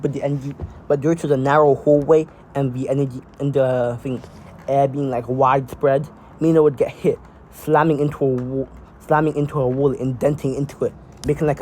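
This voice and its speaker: A man casually improvising a fan-fiction story out loud, rambling with lots of fillers and restarts. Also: medium pitch, slight background noise, rough recording.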